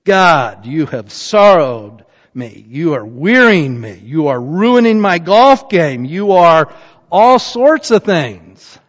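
A man voicing a self-pitying man who complains slowly, drawing his words out. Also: on the high side, sing-song, full character voice. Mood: whining. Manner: slow, drawn-out complaining. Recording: dull, echoey hall.

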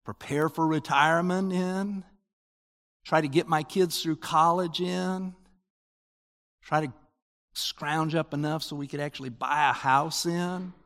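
An older man giving a sermon as pastor, in a conversational, animated preaching manner with rising emphasis. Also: a little high, a little slow, big-room sound.

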